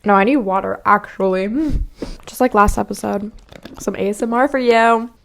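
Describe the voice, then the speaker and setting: A woman's voice: medium pitch, normal speed, gravelly, fairly bright tone. A young woman hosting a solo podcast, talking frankly and confessionally, swearing freely and acting out past conversations. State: slightly out of breath. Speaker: podcast host. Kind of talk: candid solo podcast monologue.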